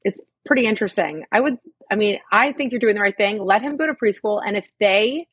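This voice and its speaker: A woman's voice: mid-range voice, lively intonation, brisk, husky, no room sound, lo-fi sound. A woman co-hosting a podcast in casual chat, talking frankly with plenty of fillers and swearing. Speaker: podcast co-host.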